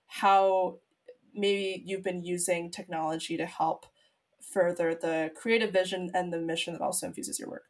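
A woman's voice: fairly low pitch, gravelly. A woman interviewer asking long, thoughtful, winding questions. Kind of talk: interview conversation.

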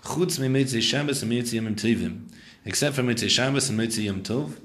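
A man's voice: medium pitch, quick pace, a bit bright, echoey room. A man teaching a Talmud class, translating Hebrew and Aramaic phrases and questioning his students.

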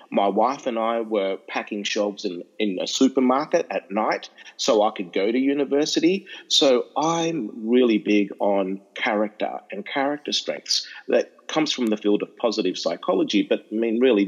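A middle-aged Australian man, an educational speaker, telling stories in an interview, animated and restarting often. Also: lowish voice, normal speed, few pauses, slightly rough, dull audio. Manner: animated, repeats and restarts, acts out voices in anecdotes. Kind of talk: storytelling interview chat.

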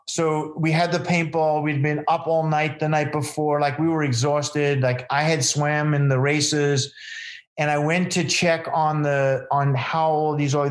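Guy telling a story in an interview, kinda higher voice, lots of uhs and restarts, earnest. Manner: earnest, rambling, many fillers and restarts. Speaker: event founder telling stories to a host.

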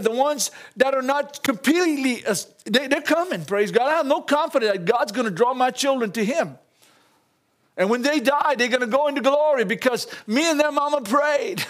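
A man's voice: very high voice, expressive, moderate pace, a bit bright. An older man preaching a folksy sermon, chuckling often and calling out to the congregation.

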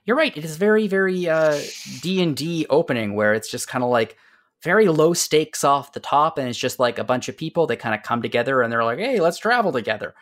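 A man hosting a casual podcast, recapping a game's story with lots of fillers and restarts, dropping to quiet asides. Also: fairly high pitch, lively intonation, fairly quick. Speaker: podcast host.

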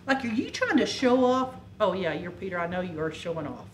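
A woman's voice: lowish voice, lively intonation, fairly quick, roomy sound, a little hiss or hum, pitched below the performer's own voice, natural voice. A woman preacher voicing Jesus as a stern grown man who scolds with indignant questions.

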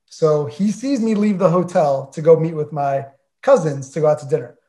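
Playful man with a slightly high voice. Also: normal speed, warm tone. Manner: playful, emphatic, acts out his own reactions. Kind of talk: casual storytelling chat.

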